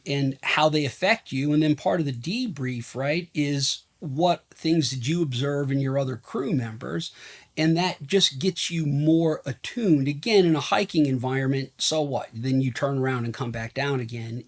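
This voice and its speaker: A man appearing as a physician guest, explaining things in a measured way with occasional fillers. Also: medium pitch. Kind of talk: explanatory interview answers.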